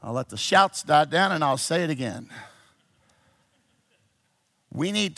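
A man preaching a sermon to a church congregation, swinging between shouted exhortation and low, intimate teaching. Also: animated, a little slow, creaky, long pauses.

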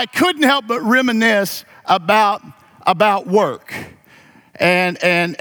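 High-voiced man preaching a sermon. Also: a bit bright. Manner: folksy storytelling turning to emphatic preaching. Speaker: pastor.

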